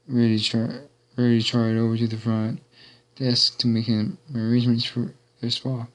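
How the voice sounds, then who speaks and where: A man's voice: medium pitch, monotone, normal speed. Man reading a story aloud casually. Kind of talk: reading fan fiction aloud.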